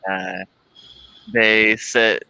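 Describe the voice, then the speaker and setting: A man in his thirties chatting on a livestream, rambling and laughing his way through a story. His voice is bright and crisp. The sound is dry and close. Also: on the low side, level tone, very slow, dry recording, low-quality recording. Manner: rambling, laughs often, lots of "like". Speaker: livestream host. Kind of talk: casual storytelling chat.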